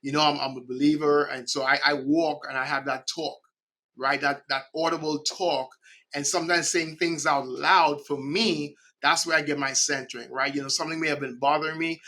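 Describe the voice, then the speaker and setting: A middle-aged man from the Caribbean, a podcast guest speaking in an animated way and often checking in with "right?". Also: on the high side, moderate pace. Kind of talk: conversational interview.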